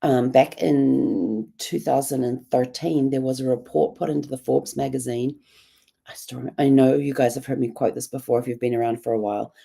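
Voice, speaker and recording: A middle-aged woman with a New Zealand accent, hoarse and raspy from a bad cough, talking in a rambling, reflective way with many ums. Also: extremely low pitch, fairly even intonation, moderate pace, warm tone. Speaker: journalling vlogger. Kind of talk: casual reflective monologue.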